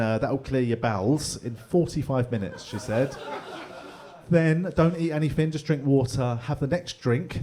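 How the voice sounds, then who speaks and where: Stand-up comic, man, forties, animated storyteller, middle-pitched voice, pub gig. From England. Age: 40s. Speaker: stand-up comedian. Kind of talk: stand-up comedy set. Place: pub comedy room with live audience.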